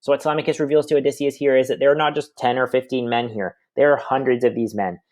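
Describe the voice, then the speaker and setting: A man's voice: mid-range voice, steady tone, quick pace, darkish tone, dry recording. Man explaining a text, casual. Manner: reads passages then paraphrases casually with fillers. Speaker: teacher. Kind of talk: reading aloud and explaining a text.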